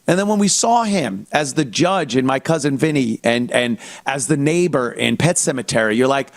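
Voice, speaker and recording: A man's voice: a little high, sing-song, moderate pace. A man hosting a comedy show, ranting with a lot of profanity in a mocking tone. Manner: mocking, swearing, acts out fan voices. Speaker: comedy podcast host.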